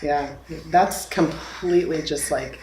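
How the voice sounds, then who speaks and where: A young woman telling her engagement story in a casual, animated way, laughing now and then. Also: low voice, slow, reverberant, slight background noise, poor audio. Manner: animated, laughing as she retells the day.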